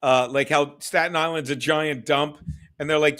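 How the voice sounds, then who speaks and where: A man's voice: a little high, steady tone, normal speed, a bit bright. A man hosting a casual livestream chat, loose and profane, reading viewer comments aloud. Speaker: livestream podcast host.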